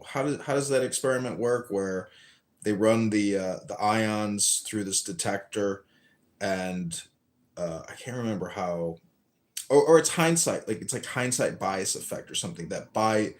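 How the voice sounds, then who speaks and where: A man's voice: lowish voice, measured pace. A man in a casual chat on a social audio app, musing aloud and groping for his words.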